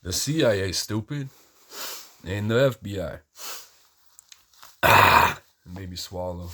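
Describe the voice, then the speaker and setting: A man talking in a casual, rambling monologue, agitated and heavy on profanity. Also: low-pitched.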